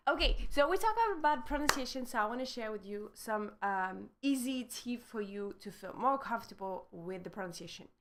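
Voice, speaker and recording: A woman's voice: mid-range voice, fairly bright tone. A woman with a French accent giving a casual, chatty live-streamed French lesson, switching between French and English and laughing often. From France. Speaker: French teacher.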